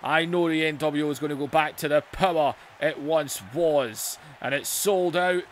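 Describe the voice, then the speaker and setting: A blustering veteran wrestler, as a gamer puts him on, barks orders and trash talk at his rivals. The voice sits a little high, with a faint hiss of noise behind it. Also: steady tone, moderate pace, close to an everyday voice. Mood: challenging. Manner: bossy, insulting trash talk. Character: blustering veteran male wrestler cutting a promo. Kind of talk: mock wrestling promo over a video game.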